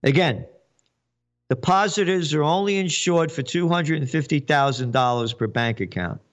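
A man's voice: fairly high pitch, animated, normal speed. A man hosting a commentary show, ranting sarcastically with mocking asides and wordplay. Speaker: host.

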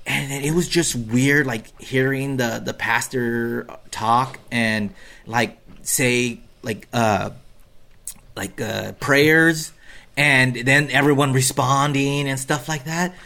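A man in an easygoing podcast conversation, with a voice of ordinary middle pitch. He jokes a lot and slips into brief mimicking voices when telling a story. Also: steady tone, creaky, bright, forceful tone. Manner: joking, mimics others with quick put-on voices. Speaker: podcast co-host. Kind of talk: casual chat.

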